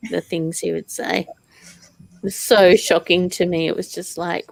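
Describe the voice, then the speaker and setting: A woman's voice: on the low side, flat delivery, normal speed, gravelly, no room sound, rough recording. A woman co-hosting a casual craft livestream, reading viewer comments aloud and giggling often.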